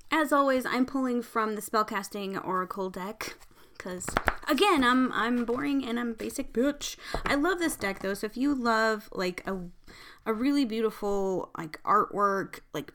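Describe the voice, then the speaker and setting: A woman's voice: medium pitch, a bit bright. A young adult woman hosting a podcast, chatting casually and giggling through a card pull, with lots of fillers and casual swearing. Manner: swears casually, self-mocking. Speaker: podcast host.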